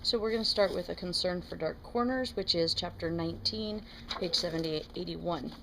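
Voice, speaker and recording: Woman reader, slightly low, steady read-aloud, faint hiss. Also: normal speed. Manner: steady, plain reading with small self-corrections. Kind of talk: reading a novel aloud.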